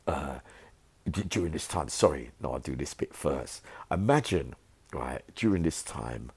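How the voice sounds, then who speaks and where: A man's voice: very deep voice, animated, measured pace, a little mellow, breathy edge. A middle-aged man, telling prison stories in a streetwise, rambling monologue. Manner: streetwise, rambling, asks "right?". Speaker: vlogger recounting prison life. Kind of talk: storytelling monologue.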